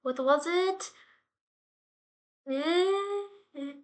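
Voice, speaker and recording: A woman's voice: fairly high pitch, moderate pace, fairly bright tone. A woman hosting her own daily talk vlog, chatting casually and playfully and rambling from one thing to the next. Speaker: host of a daily talk show. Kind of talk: casual solo vlog chat.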